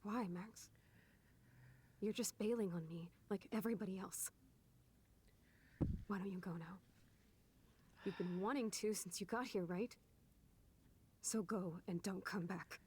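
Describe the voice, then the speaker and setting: Brief: blunt, husky punk young woman for a game, mid-pitched, gritty edge. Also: measured pace, long pauses, darkish tone. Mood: bitter. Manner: blunt, swears freely. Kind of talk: video game voice acting.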